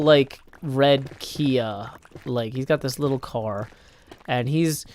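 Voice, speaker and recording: Male streamer from Tennessee, casual live-stream chat, rambling storyteller, mid pitch. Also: gravelly. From Tennessee, United States. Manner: rambling storyteller, many "like"s and restarts. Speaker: live streamer playing a block-building game.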